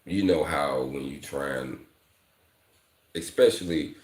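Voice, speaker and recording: Male welding coach, very deep voice, speech, loose slangy vlog chat, echoey room. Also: takes it slowly, darkish tone. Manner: candid, repeats "fam" and "you know", slangy. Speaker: welding instructor. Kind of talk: casual vlog talk to viewers.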